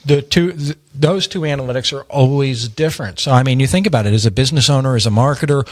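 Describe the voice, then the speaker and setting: A man co-hosting a casual business talk show, chatty and rambling, speaking low and close to a studio microphone. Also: fast talker, no room sound. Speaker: co-host.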